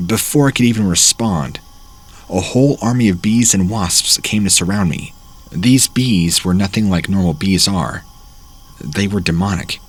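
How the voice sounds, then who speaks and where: A man narrating first-person horror stories as the host of a channel, reading in a plain, steady way. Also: low-pitched, moderate pace, breathy edge.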